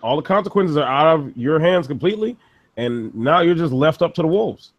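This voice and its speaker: Casual podcast co-host, high-pitched man, swears freely while ranting. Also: expressive, fairly quick, muffled recording. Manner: profane, ranting, laughs often. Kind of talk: casual chat.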